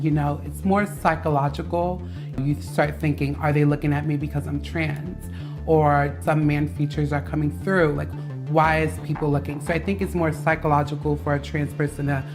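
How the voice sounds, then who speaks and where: A woman with a very low voice speaks candidly in a documentary-style interview. She sounds reflective and personal. Music plays clearly behind her. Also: fairly even intonation, normal speed. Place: New York City. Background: background music.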